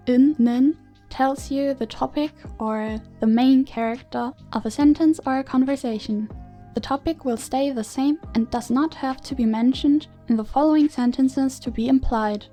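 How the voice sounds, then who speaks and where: A woman narrates a grammar lesson, explaining each point in a clear, measured way. Her voice sits a little high and sounds mellow. Soft music plays under her words. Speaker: Korean language teacher.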